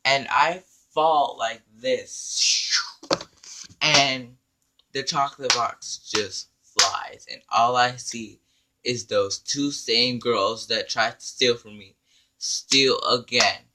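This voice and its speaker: A man telling an animated, profane story in a storytime vlog, acting out the dialogue. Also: mid-range voice, takes it slowly, background noise. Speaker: vlogger.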